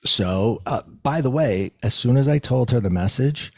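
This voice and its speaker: A gravelly-voiced, middle-aged man speaks at normal speed with no room sound. He's a psychic medium guest telling his story in an interview, and he livens it up by acting out the people he quotes in a raised pitch.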